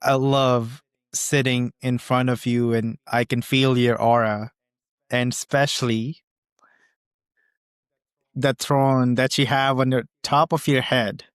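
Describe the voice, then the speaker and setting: Slow-spoken podcast host. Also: medium pitch, flat delivery, clear, resonant tone, no echo, clean studio sound. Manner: warm, encouraging, slightly halting phrasing. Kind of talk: casual interview questions.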